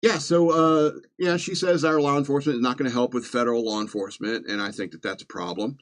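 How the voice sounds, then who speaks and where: A man's voice: medium pitch, steady tone, quick pace, fairly bright tone. A man hosting a podcast from Virginia, reading news stories with sarcastic, chuckling asides in a casual comedic style. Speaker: podcast host.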